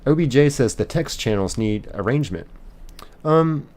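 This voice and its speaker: A man's voice: medium pitch, lively intonation, normal speed, darkish tone. A man streaming a game live, reading chat aloud and rambling casually with lots of fillers and restarts.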